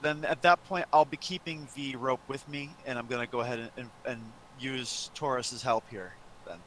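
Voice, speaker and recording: Bright-voiced man thinking aloud. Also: mid-range voice, a little hiss or hum. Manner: halting, thinks aloud with many fillers. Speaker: player. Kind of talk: playing a tabletop game.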